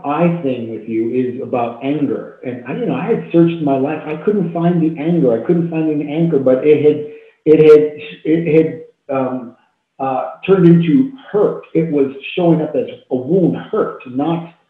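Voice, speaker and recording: A man in his fifties, a talk show guest telling a deeply personal story in an earnest, heartfelt way with repeated phrases, over a video call. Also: unhurried. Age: 50s. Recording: tinny phone-like echoey call audio.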